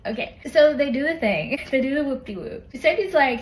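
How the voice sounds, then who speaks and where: A woman reviewing a book in casual, animated chat, retelling the plot with slang and lots of asides. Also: high voice, fairly quick, hardly any pauses, rough recording.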